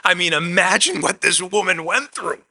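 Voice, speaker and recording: A man preaching a conversational sermon, swinging between emphatic loud lines and quiet asides, often dropping "man" into his talk. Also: high-pitched, normal speed. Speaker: pastor.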